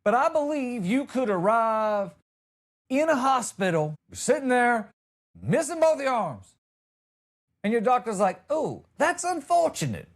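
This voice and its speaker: A man's voice: extremely high pitch, expressive, measured pace, long pauses. An American man hosting a comedy podcast, telling stories in a loose, rambling way with jokey asides. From United States.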